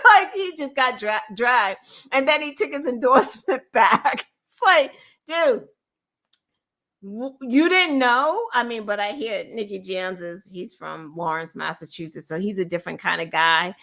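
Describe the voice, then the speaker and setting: Woman host, high bright voice, incredulous profane rant. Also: slow pace. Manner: animated, incredulous, profane, laughing asides. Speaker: podcast host. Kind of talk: casual political commentary.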